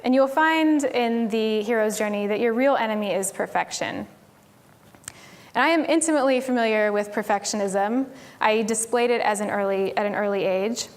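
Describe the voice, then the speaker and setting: A woman's voice: a little high, normal speed. A woman from Tennessee giving a casual conference talk on stage, chatty and full of "like" and "um". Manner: chatty, frequent "like" and "um" fillers. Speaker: conference speaker.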